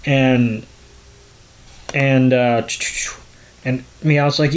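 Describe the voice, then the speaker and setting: A man hosting a podcast, retelling a cartoon episode in a loose, rambling way. His voice sits at a middle pitch. He keeps going with lots of filler words. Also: very slow, long pauses. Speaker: podcast host. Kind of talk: casual episode recap.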